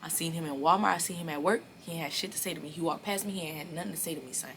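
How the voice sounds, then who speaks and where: Low-voiced young woman, blunt storytelling. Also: racing, background noise. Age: early 20s. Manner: animated, blunt and profane, acts out quoted dialogue. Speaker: storyteller vlogger. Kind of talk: casual storytime monologue.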